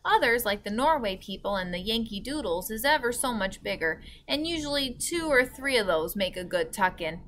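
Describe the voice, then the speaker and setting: A big, friendly old giant, as a woman reading aloud puts him on, who tumbles his words and grammar in a cheerful muddle. His voice sits bright and a touch louder than her own narration, earnest rather than frightening, in a storybook read-aloud. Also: fairly high pitch, lively intonation, normal speed, hardly any pauses, a little hiss or hum. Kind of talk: children's book read-aloud.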